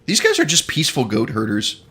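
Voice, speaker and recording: A man's voice: mid-range voice, wildly swooping pitch, a little fast, pushed and bright, breathy edge, soft background music. A man streaming a video game, chatting casually and joking with his viewers, often breaking into laughter. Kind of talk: casual gaming commentary.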